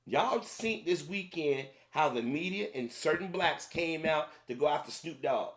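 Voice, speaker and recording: Male commentator, slightly higher voice, heated, repetitive opinion rant. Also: lively intonation, unhurried. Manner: heated, repetitive, addressing the audience directly.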